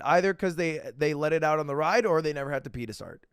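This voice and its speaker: A young man streaming from home, telling a story to his chat in a casual, animated way, jumping into high voices when he quotes people. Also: quick pace, clear, resonant tone, no echo, clean studio sound.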